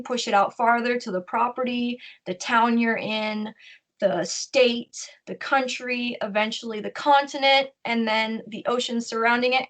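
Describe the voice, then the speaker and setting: A woman co-hosting a podcast, slowly guiding listeners through a meditation in a soothing, instructive way. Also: a little high. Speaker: podcast co-host. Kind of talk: guided meditation.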